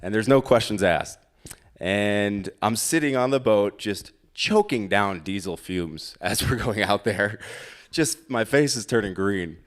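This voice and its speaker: A man with a lowish voice recounts a personal story at a live storytelling night. He talks in an easy, conversational way, with dry, self-deprecating humor. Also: animated, a little slow.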